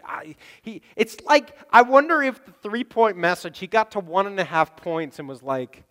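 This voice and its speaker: A man preaching a sermon, animated, acting out the people in his stories and sometimes dropping to a near whisper. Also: high voice, moderate pace, hardly any pauses. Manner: animated, acts out voices in quotes, drops to near whisper. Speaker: pastor. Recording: long reverb of a hall.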